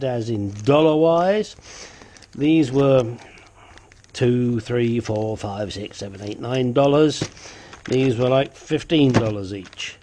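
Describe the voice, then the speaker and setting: A man's voice: medium pitch, darkish tone. A man hosting a casual car repair vlog, talking in a dry, teasing, joking way.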